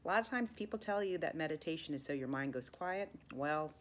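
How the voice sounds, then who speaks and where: A woman teaching meditation, counting breaths and guiding a mantra, often dropping into soft whispers. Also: low voice, expressive, brisk, slight background noise. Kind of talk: guided meditation lesson.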